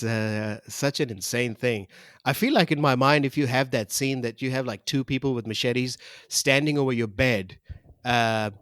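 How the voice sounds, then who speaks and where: A man's voice: medium pitch, fairly bright tone, dry recording. Man, podcast co-host, casual rambling chat, dry sound. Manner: rambling, many restarts and fillers.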